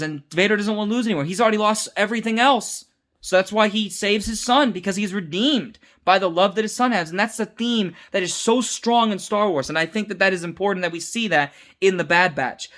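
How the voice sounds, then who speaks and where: A man's voice: fairly high pitch, a bit bright. A tired young man giving a casual, unscripted episode review, rambling with restarts and mixing up names.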